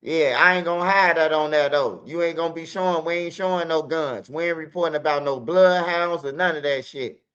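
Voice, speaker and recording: A man's voice: fairly high pitch, a little fast, few pauses, fairly bright tone, clear, resonant tone. A man hosting a stream, talking in rambling casual commentary with street slang and repeated words. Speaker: streamer host. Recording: dull lo-fi stream audio.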